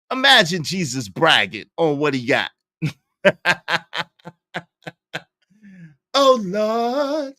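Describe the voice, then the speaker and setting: A young man with a Brooklyn accent, giving slangy, animated live-stream commentary and laughing often. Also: sits high, dry recording, studio quality. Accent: Brooklyn New York. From Brooklyn, New York. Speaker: streamer reacting to a show.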